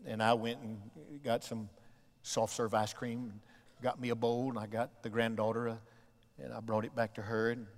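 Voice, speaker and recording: A middle-aged man from the American South preaching a sermon as pastor, moving between soft, tender asides and loud shouted climaxes. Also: mid-range voice. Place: church sanctuary. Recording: long reverb of a church sanctuary.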